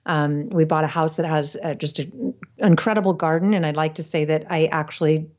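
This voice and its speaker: A chatty woman with a fairly low voice, talking loosely as a podcast guest and laughing often. Her talk is full of fillers and restarts. The sound is dull, like a remote lo-fi call. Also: a little fast, a little mellow. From United States. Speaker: podcast guest, real estate investor. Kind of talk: casual interview talk.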